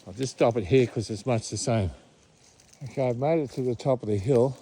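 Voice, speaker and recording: A man's voice: medium pitch, fairly quick, slightly rough, poor audio. An older man with an Australian accent, chatting casually as he walks through the bush, a little out of breath after a steep climb. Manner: chatty, laid-back, hushed when near wildlife. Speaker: vlogger on a bush walk. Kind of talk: casual walking commentary. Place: outdoors in the bush.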